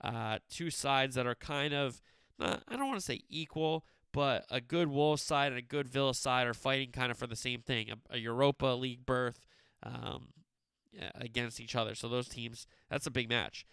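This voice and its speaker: A man's voice: medium pitch, normal speed, creaky, a bit bright, clean tone, dry recording, studio quality. A young man hosting a sports show, chatting casually through upcoming matches with loose, opinionated, slangy asides. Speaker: sports podcast host. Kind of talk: casual sports preview chat.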